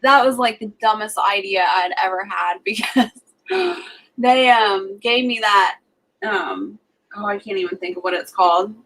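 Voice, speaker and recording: A woman's voice: medium pitch, measured pace, a bit bright, low-quality recording. A young woman co-hosting a livestream, chatting casually and telling personal stories with lots of "like" fillers. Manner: chatty storytelling, frequent "like" fillers. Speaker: livestream co-host. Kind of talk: casual chat.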